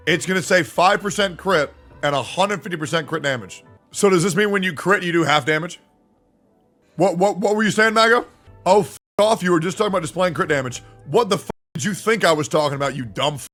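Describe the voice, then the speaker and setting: A man's voice: sits high, a little fast, fairly bright tone, faint music behind. A male livestreamer who argues with his chat and swears a lot. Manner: argumentative, profane, talks back to chat. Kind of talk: live-stream chat reacting to viewers.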